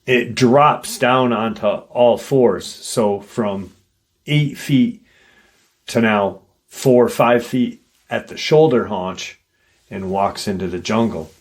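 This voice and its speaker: A man with a lowish voice retells a listener's creature encounter in his own words. He talks slowly and loosely, with plenty of "you know" and blunt swearing. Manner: unhurried, conversational, with fillers and swearing. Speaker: paranormal story narrator.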